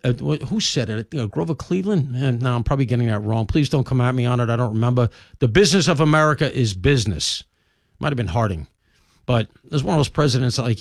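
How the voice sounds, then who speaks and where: A man hosting a talk radio show, talking through his lineup in an opinionated monologue with emphatic swings in pitch and loudness. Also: no echo, clean studio sound. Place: radio studio.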